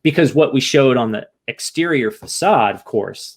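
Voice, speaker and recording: A man's voice: mid-range voice, expressive, moderate pace, few pauses. A man from the United States, a podcast guest, speaking candidly and rambling with many restarts in an emotional interview.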